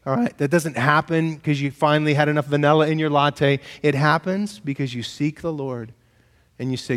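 Animated male pastor in a reverberant room. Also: a little high, normal speed, clean tone. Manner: animated storytelling, acts out shouted exchanges. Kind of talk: sermon.

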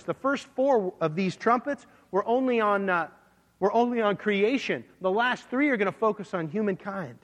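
A man's voice: sits high, lively intonation, normal speed. A man preaching a sermon, teaching verse by verse and reading scripture aloud. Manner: expository Bible teaching, reads scripture aloud. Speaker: pastor. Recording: long hall reverb.

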